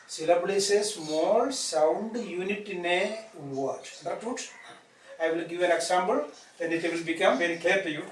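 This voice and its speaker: A man's voice: high voice, moderate pace. A man teaching an English grammar class, repeating points and asking tag questions to check understanding. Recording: echoey room from far off, faint noise.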